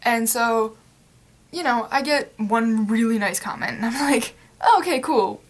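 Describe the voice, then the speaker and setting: A woman's voice: fairly high pitch, a little slow. A young adult woman talking straight to camera in a casual vlog rant, rambling and exasperated, with lots of fillers. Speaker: vlogger.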